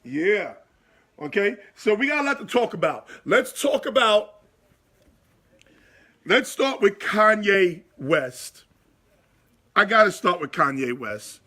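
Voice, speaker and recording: A middle-aged man hosting a live sports talk show, chatting casually and giving shout-outs to viewers. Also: high-pitched, big pitch swings, takes it slowly, pauses often.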